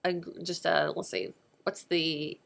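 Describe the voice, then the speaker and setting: A woman's voice: low-pitched, big pitch swings, a little slow, creaky. A woman hosting an interview, chatty and encouraging, laughing easily. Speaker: host.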